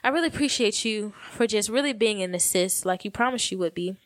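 A woman's voice: medium pitch, lively intonation, fairly quick, no echo. A woman co-hosting a casual podcast, chatty and earnest. Her voice is recorded dry and close, with no room sound. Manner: earnest, chatty, warmly grateful. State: pregnant, tired. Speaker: podcast co-host. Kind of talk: casual chat.

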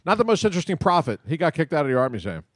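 Fast, wisecracking male co-host. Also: a little high, sing-song, dry recording, studio quality. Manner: wisecracking, quick one-liners and interjections. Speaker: sports radio co-host. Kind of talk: casual studio banter.

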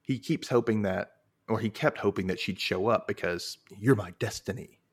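A man's voice: fairly low pitch, moderate pace, breathy edge. A man hosting a casual TV recap podcast, joking and acting out characters' lines. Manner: animated, jokey, acts out characters' lines. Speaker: podcast host.

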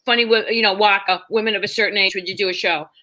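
A woman's voice: mid-range voice, quick pace, poor audio. A middle-aged woman, a stand-up comedian, telling a story casually and acting out the people in it. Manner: animated, acts out quotes in the story.

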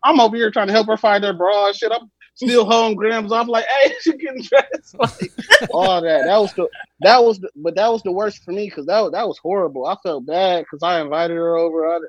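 A young man telling a funny story on a podcast, animated, slangy and laughing often. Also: high-pitched, brisk, no echo, highs cut off. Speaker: podcast guest. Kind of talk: casual storytelling.

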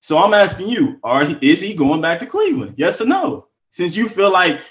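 A man's voice: high voice, very animated, normal speed. A man co-hosting a casual sports podcast, pressing for direct answers with a teasing edge. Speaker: podcast co-host.

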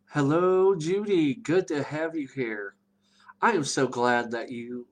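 A middle-aged man teaching a live online class on druidry, halting and rambling with many fillers. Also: medium pitch, low-quality recording.

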